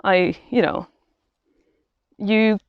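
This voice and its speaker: Woman, reflective walking vlog, unhurried, halting, dry close sound, dull lo-fi audio. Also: mid-range voice, fairly even intonation, clear, resonant tone, no echo. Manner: slow, halting and thoughtful, with many restarts. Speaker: vlogger. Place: outdoors on a quiet walk in nature.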